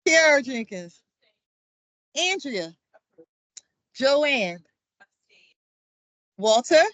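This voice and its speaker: A woman chairs a commission meeting, running roll call in a loose, upbeat way with plenty of fillers. She talks at an unhurried, drawn-out pace. Her voice sounds close and dry, with no room around it. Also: high-pitched, very animated, a bit bright, no echo.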